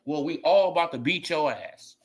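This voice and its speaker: Animated man ranting in slang. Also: normal speed, breathy edge. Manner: animated, swings from shouting to low mumbling, slangy. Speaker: boxing commentary channel host. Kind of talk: casual ranting commentary.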